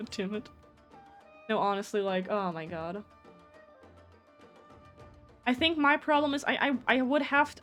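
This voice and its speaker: A woman with a German accent, a native German speaker, chatting casually and rambling on a live gameplay stream, swearing often. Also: fairly high pitch.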